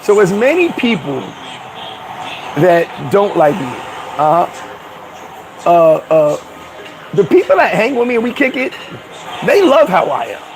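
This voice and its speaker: Cocky guy with a high voice ranting outside, cussing a lot, loud street noise and cars behind. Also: very animated, unhurried, pauses often. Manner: brash, profane, boastful, laughs often. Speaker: vlogger. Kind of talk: casual rant to camera. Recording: noisy outdoor street recording.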